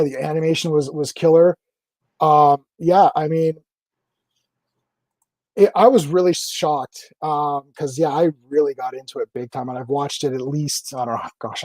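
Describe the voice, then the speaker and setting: Rambly, enthusiastic man with a mellow voice. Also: on the high side, moderate pace, dry recording. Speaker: host. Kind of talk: casual interview chat.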